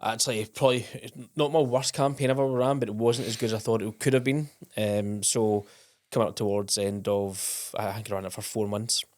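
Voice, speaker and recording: A man's voice: on the low side, steady tone, brisk, darkish tone, no room sound, clean studio sound. A man hosting a podcast in casual, rambling chat with many restarts. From Scotland. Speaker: podcast host.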